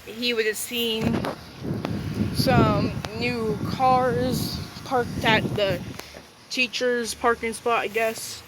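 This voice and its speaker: A woman's voice: fairly high pitch, fairly even intonation, extremely slow, heavy background noise. A woman improvising a fan-fiction story aloud, rambling and tacking "and all that" onto her sentences. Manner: rambling, keeps adding "and all that".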